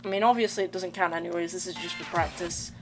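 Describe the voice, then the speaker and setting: Young woman streamer, loose slangy talk to chat over loud game music. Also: on the low side, fairly even intonation, fast talker. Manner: slangy, rambling, talks to chat. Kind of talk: casual live-stream chat while gaming.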